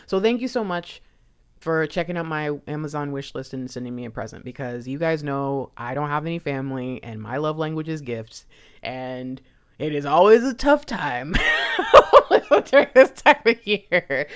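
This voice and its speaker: A woman with a low voice that swings widely up and down, chatting casually on a livestream. She rambles in a heartfelt way and breaks into laughs often. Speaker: intuitive reader and channel host.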